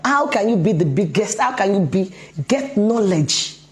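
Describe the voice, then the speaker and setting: A woman's voice: mid-range voice, expressive, moderate pace, a little mellow. A woman coaching parents in a motivational talk, emphatic and full of rhetorical questions.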